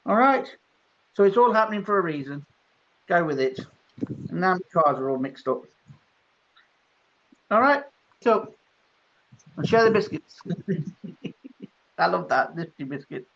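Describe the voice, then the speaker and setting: A man's voice: sits high, sing-song, measured pace, vocal fry, long pauses, fairly bright tone. A man giving live psychic readings in a chatty way, laughing between messages. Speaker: psychic reader. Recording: dull lo-fi stream audio.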